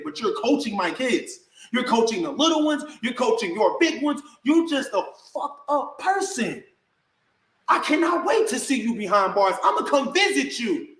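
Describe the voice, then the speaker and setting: A man's voice: high-pitched, big pitch swings, fairly quick, a bit bright, reverberant, low-quality recording. A man delivering a heated, confrontational rant straight to camera, full of slang. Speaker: online personality.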